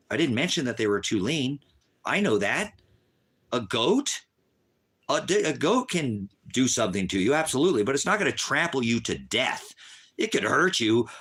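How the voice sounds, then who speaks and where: Ranting at a chat viewer, this man, who hosts a homesteading livestream, throws insults, says the same things again, and stumbles when he gets mad. His voice is on the low side with a fairly bright tone.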